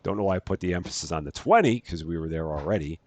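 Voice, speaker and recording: A man hosts a let's-play, casually narrating each task aloud and often correcting himself. His voice sits low and sounds animated and fast.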